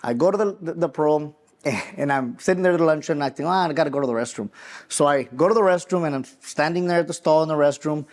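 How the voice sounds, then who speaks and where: A man's voice: a little high, quick pace. Earnest man telling a story. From Mexico, raised in West Texas. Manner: earnest, animated storyteller with frequent restarts. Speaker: podcast co-host, attorney. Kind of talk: personal storytelling in an interview.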